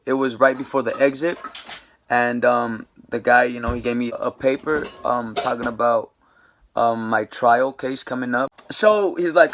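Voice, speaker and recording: A man's voice: mid-range voice, steady tone, normal speed, a bit bright, a little hiss or hum. A young man casually telling a rambling, slangy story to camera, with lots of fillers. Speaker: vlogger.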